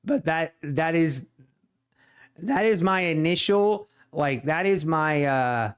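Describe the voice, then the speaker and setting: Slow, smooth-voiced livestreaming trader man. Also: on the high side, lively intonation. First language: Pennsylvania Dutch. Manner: chatty, laughs easily, talks to viewers. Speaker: day trading livestreamer. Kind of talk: casual live-stream chat.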